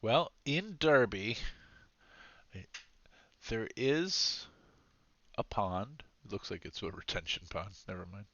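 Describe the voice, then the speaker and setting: A man's voice: on the low side, big pitch swings, takes it slowly, sharp tone, no room sound, muffled recording. A man narrating as game master in a rambling, self-deprecating way, laughing often.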